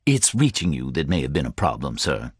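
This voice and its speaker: A man voicing a small-town male detective who speaks low, measured and careful. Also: big pitch swings, husky, dry recording, studio quality, heavily acted. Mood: guarded.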